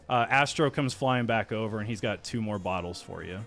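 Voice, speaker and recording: A man's voice: on the low side, brisk, vocal fry, few pauses, a bit bright, soft background music. A man narrating a tabletop game as game master, loose and full of fillers.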